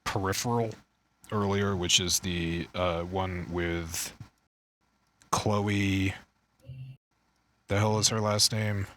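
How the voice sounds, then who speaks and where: A man's voice: deep voice, fairly even intonation, slow pace, pauses often, bright, forceful tone. A man co-hosting a podcast, chatting casually about movies and shows, rambling, swearing and losing his train of thought. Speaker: podcast co-host. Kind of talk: casual chat.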